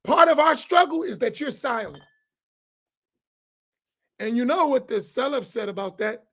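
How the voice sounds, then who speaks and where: A man, preaching to an audience on a roundtable. He is loud and challenging, and he repeats phrases for emphasis. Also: very high voice, expressive, unhurried. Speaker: imam on a roundtable.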